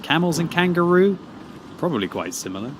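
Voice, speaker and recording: A man's voice: a little high, very animated, a little fast. A British man chatting casually while streaming a game, teasing and rambling as he reads out chat messages. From Britain. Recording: clear background game noise.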